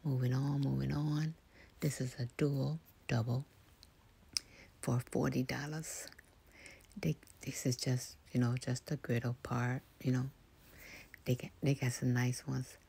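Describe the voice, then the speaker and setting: A woman hosting a soft-spoken ASMR walkthrough of a big store, half-whispering product labels, repeating words and making chatty asides to viewers. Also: extremely low pitch, fairly even intonation, measured pace, gravelly, pauses often, breathy edge. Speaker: ASMR channel host. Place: large indoor outdoor-goods store.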